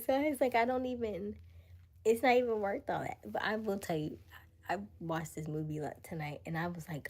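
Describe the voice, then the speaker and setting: A woman's voice: medium pitch, moderate pace, darkish tone. A young woman hosting a casual live stream, chatting with viewers, laughing often and slipping into whispery asides. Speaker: livestream host.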